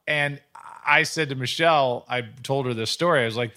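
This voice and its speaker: A man's voice: mid-range voice, brisk, few pauses, bright, forceful tone, no echo, clean studio sound. A middle-aged man, a podcast host and sports broadcaster, telling long, rambling anecdotes in casual chat.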